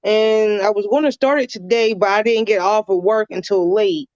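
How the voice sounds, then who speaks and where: A woman's voice: medium pitch, moderate pace, darkish tone, no room sound. A woman guest chatting on a livestream, rambling and laughing easily over a computer mic at home. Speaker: guest, viewer. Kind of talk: casual livestream chat. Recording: dull lo-fi call audio.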